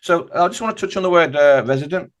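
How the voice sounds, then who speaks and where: A man's voice: on the high side, fast talker. A man talking as a podcast guest in an emphatic, insistent way, firing off rhetorical questions. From United Kingdom. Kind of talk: animated podcast conversation.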